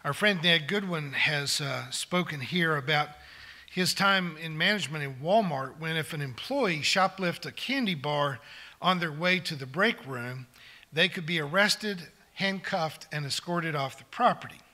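A man's voice: a little high, expressive, a little slow, pushed and bright. A man in his sixties, a pastor delivering a sermon to his congregation in an earnest manner that builds to emphatic declarations. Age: 60s. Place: church sanctuary.

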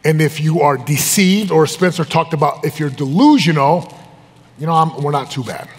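A man giving a live motivational talk as a business coach, intense and emphatic, swinging between loud pushes and hushed, low confessions. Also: expressive, normal speed, husky. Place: event room with a live audience. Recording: long reverb of a large hall.

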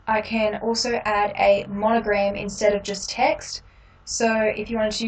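Woman walking through a software tutorial. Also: medium pitch, recorded from a distance, low-quality recording. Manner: relaxed, explains each click with frequent ums. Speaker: tutorial host.

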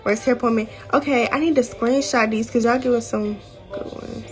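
Teen girl vlogger, slightly high voice, casual candid chat, slangy, music playing behind. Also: a little fast. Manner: chatty and candid, uses southern US slang like y'all and finna.

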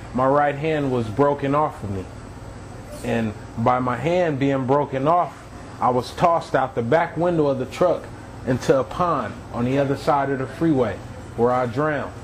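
A man telling his own near-death story as a testimony, earnest and animated, acting out what others said. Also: medium pitch, a little hiss or hum, low-quality recording. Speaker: testimony speaker. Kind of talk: personal testimony.

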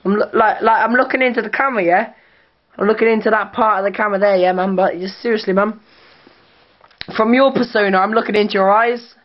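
A man's voice: high-pitched, fairly even intonation, fast talker. A drunk young man rambling in slang as he films his own vlog. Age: young adult. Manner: slurred boastful slang-heavy rambling. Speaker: vlogger. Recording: dull lo-fi camera audio.

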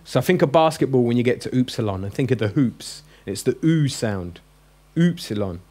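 A man teaches a room full of adult learners. He keeps a chatty, joking tone and slows down to drill each sound. His pitch sits in the middle range. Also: expressive, mellow. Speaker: Greek teacher. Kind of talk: classroom lesson. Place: classroom with a group.

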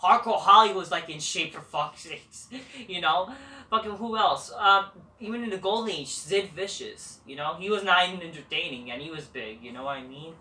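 A woman's voice: fairly low pitch, moderate pace, pushed and bright, distant mic, slight background noise. Profane ranting woman, roomy echo. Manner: heavy swearing, rambling, frequent "you know". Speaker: channel host. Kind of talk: casual profane rant.

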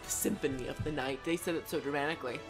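A woman reacting to a game trailer as a YouTuber, gushing and excitable, with loud exclamations and jokey asides. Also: sits low, fast, music in the background.

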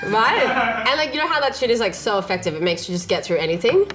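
A woman's voice: mid-range voice, sing-song, fast. A young woman trading jokes in casual banter, giggly and often breaking into laughter. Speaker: joke teller in a laugh challenge. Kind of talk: casual joke-telling banter. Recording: loud music bed.

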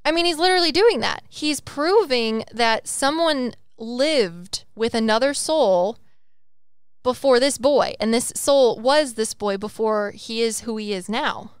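A young woman co-hosting a casual podcast as a psychic medium, rambling and animated, swearing and acting out quotes in different voices. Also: fairly high pitch, unhurried, clean tone, no echo, clean studio sound.

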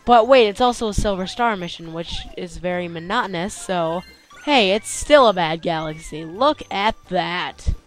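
A young man giving gameplay commentary, tired and yawning, complaining one moment and yelping with excitement the next. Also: high-pitched, normal speed. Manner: excitable, complaining, with sudden yelps. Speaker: let's play host. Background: faint game music.

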